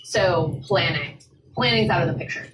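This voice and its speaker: A woman's voice: on the low side, moderate pace. A woman hosting a live talk show, interviewing a guest onstage. She hesitates and repeats words as she forms her questions. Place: live event venue. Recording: roomy, distant mic, ambient noise.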